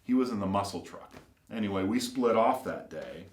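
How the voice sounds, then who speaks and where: Low-voiced man telling rambling stories. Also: expressive, moderate pace. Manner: rambling, filler-heavy, acts out quoted voices. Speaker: custom car builder and shop owner. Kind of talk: casual anecdotal storytelling. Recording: roomy echo.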